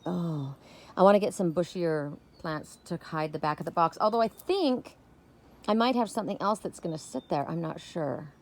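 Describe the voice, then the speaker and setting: Woman chatting away on her deck, expressive, keeps talking to her cats. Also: fairly low pitch, normal speed. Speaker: spiritual vlogger. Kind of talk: casual chat. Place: home deck with garden.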